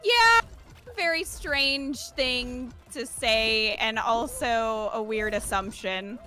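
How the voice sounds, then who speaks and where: A young woman with a neutral North American accent telling stories with dry, deadpan humor while playing a game. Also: on the high side, takes it slowly. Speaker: streamer, co-op player. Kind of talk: casual gaming chat.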